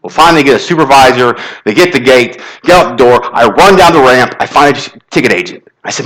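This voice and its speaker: A man giving an inspirational talk to a congregation at a spiritual center, telling animated stories and leading call-and-response. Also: mid-range voice, quick pace, few pauses, low-quality recording. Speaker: guest motivational speaker.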